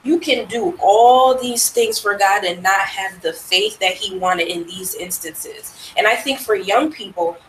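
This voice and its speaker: Woman, church class member, thoughtful and measured, middle pitch, echoey room, faint background. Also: a bit bright, a little hiss or hum. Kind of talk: class discussion comment. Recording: roomy room, faint ambience.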